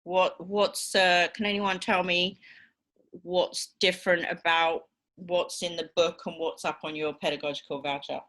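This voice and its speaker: A woman's voice: fairly low pitch, level tone, measured pace, fairly bright tone. A woman with a British accent giving a university lecture, patiently explaining with frequent ums and okays. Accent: British English.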